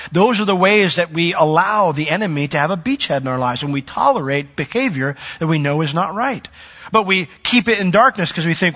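Male pastor, bright higher voice, emphatic sermon delivery with dramatic drops; muffled recording. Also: a little fast. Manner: swings from loud emphatic peaks to soft low asides.

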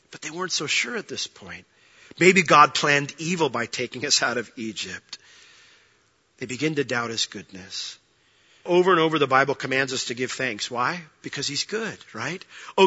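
A man preaching a sermon, his voice set high and very bright with a sharp edge. He is openly emotional, swinging from raised passionate lines to hushed, reflective ones. The recording sounds a little dull and lo-fi. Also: slightly rough. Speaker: pastor.

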